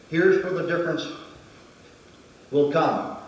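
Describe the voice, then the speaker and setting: A man's voice: on the high side, normal speed, slight background noise. A man instructing a weapons demonstration in a methodical way, counting out each movement. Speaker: martial arts instructor. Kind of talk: demonstration lesson. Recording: very echoey hall, distant mic.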